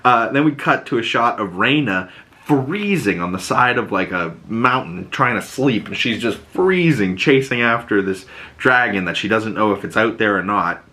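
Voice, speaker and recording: A man hosting a podcast, recapping a TV episode in loose, profane casual talk and slipping into quick acted quotes of the characters. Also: on the low side, animated, bright, forceful tone. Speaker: podcast host.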